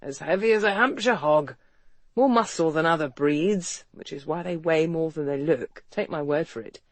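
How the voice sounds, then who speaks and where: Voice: mid-range voice, normal speed, no room sound, close to an everyday voice. A narrator voicing a wry young man who chatters on in light, mock-cheerful banter. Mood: teasing.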